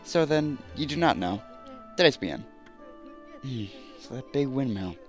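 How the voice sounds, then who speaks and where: A man's voice: medium pitch, animated, measured pace, faint music behind, lightly acted. Man voicing a flamboyant prophet swordsman, theatrical, French flourishes. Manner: theatrical, sprinkles French phrases. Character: flamboyant young male swordsman prophet, smug.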